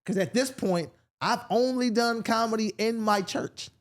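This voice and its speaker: A male comedian from Sacramento spins a long story in a relaxed podcast chat. His voice sits a bit high for a man, and he jumps into other people's voices as he tells it. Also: a little slow. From Sacramento, California. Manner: animated, acts out voices in his stories. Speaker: comedian guest.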